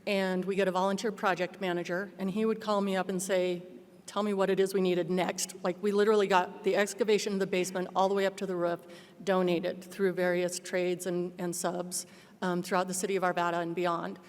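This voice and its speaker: A middle-aged woman giving a personal testimony speech as a guest speaker, telling her story in a lively way and acting out what others said. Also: lowish voice, fairly quick. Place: large banquet hall. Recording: long hall reverb.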